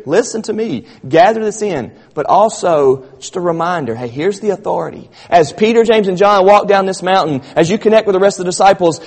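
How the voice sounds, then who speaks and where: Man preaching, a bit high-voiced, long church reverb. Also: darkish tone. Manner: preaching with rising emphasis, calls the congregation "church". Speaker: pastor. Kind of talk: sermon. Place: church sanctuary.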